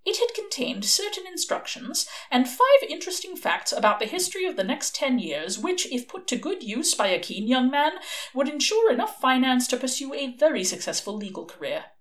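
A woman's voice: high voice, very animated, moderate pace. A woman reading a novel aloud, telling the story expressively. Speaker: audiobook reader.

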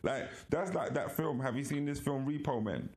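A man, co-hosting a podcast in casual chat and telling animated stories with frequent laughter. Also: mid-range voice, normal speed. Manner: animated storytelling, laughs often. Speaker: podcast co-host.

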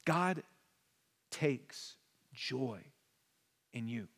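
A man in his thirties, a pastor, preaching a casual sermon that swings from hushed asides to emphatic high points. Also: lively intonation, drawn-out words. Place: church sanctuary. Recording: long church reverb.

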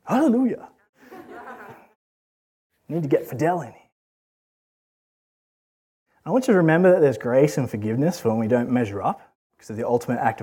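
A man's voice: medium pitch, a little mellow, slightly rough. A man giving an earnest, conversational sermon full of rhetorical questions. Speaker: preacher.

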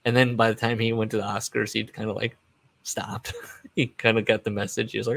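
A man's voice: lowish voice, level tone, brisk, gravelly, a bit bright, dry recording. A man hosting a casual solo podcast, rambling from one aside to the next and chuckling at his own remarks. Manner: rambling and digressive, trails off and restarts. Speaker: podcast host.

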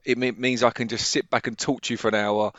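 A man co-hosting a casual podcast, relaxed and quick to laugh. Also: mid-range voice, dry recording. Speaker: podcast co-host. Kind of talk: casual chat. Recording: dull, dry lo-fi mic.

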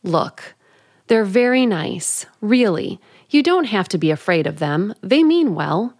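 A brisk female attendant. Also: medium pitch, very animated, darkish tone. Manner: brisk, matter-of-fact, reassuring. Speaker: radio drama actress. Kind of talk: 1940s radio acting.

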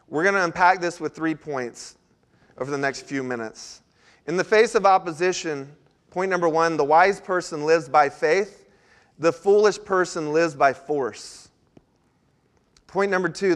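A man pastor giving a sermon, telling a story with animated asides before laying out his points. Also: a little high.

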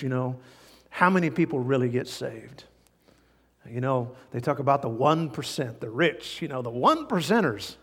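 Emphatic preacher man, church reverb. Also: a little high. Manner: emphatic, rising to animated outbursts. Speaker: pastor. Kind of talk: sermon. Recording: long church hall reverb.

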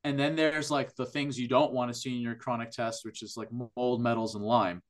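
A man's voice: medium pitch, level tone, fairly quick. A man who works in functional medicine, a guest on a podcast interview, explaining at length with enthusiasm and frequent restarts.

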